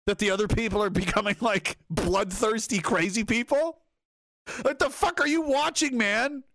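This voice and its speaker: A man's voice: high-pitched, moderate pace, fairly bright tone, no echo, studio quality. A man hosting a live stream, reading out chat and rambling in a casual, profane way while laughing often.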